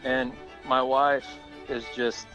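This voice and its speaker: Male caller, mid-pitched, lively laughing storyteller, faint music behind. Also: takes it slowly, highs cut off. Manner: laughing through the story, acting out voices. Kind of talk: animated storytelling.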